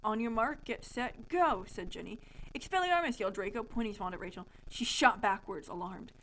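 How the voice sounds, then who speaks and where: A woman's voice: medium pitch, lively intonation, fairly quick, fairly bright tone, poor audio. A young adult woman co-hosting a podcast, reading a childhood story aloud in a playful, amused way. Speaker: podcast co-host.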